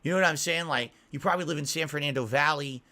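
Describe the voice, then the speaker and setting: A man in a fed-up monologue, circling back over the same points and swearing often. His voice sits a little high for a man. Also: fast, bright, forceful tone. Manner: exasperated, repetitive, swearing. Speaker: YouTuber. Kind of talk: ranting monologue.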